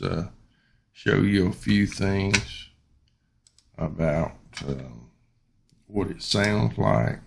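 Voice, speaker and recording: Slow, gravelly man. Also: low-pitched. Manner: rambling and unhurried, many ums and uhs. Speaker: YouTuber reviewing his microphone. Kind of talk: casual unboxing and product review.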